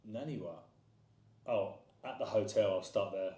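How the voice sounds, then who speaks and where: A man taking part in a language lesson as the student, answering quietly and a little hesitantly. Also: on the low side, normal speed. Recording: roomy, echoey room.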